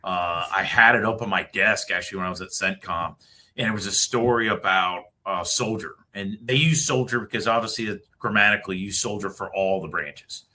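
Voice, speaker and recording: A middle-aged man speaks as a podcast guest and tells his story in an emphatic way. His voice is on the low side and sounds bright and forceful. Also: fairly quick. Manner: storytelling, emphatic closing message. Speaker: retired Marine officer guest. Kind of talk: podcast interview.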